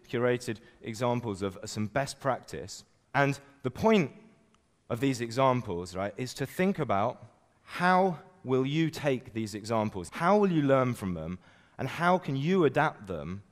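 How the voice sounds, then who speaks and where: A man giving an energetic business keynote at a conference, tagging his points with "right?" and "you know". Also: medium pitch, long reverb tail. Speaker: conference speaker. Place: conference stage.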